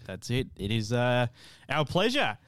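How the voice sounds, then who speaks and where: Laid-back Australian man, smooth dry voice. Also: mid-range voice, very animated, a little slow, fairly bright tone, no echo. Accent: South Australian. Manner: laid-back, slangy banter. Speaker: podcast co-host. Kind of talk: casual chat.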